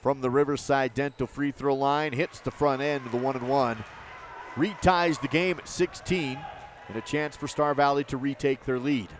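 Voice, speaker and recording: A man calling a live basketball game play by play, in quick, clipped phrases that lift on missed shots. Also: medium pitch, a little hiss or hum. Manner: rapid, clipped calls that rise on misses. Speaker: play-by-play announcer.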